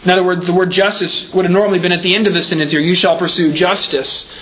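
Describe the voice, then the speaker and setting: A male pastor delivers a sermon with a high, bright voice. He explains the text patiently and stresses key repeated words. Faint noise sits under the recording. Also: fairly even intonation, very fast, rough recording. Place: church.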